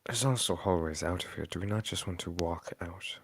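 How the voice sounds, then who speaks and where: A man playing a tabletop role-playing game, speaking in character in a polite, measured way. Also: low voice, creaky, husky. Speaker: player.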